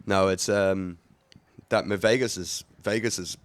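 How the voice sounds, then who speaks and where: A man's voice: low-pitched, steady tone, unhurried. A man co-hosting a casual chat, rambling through his points. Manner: rambling, many fillers and restarts. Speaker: co-host.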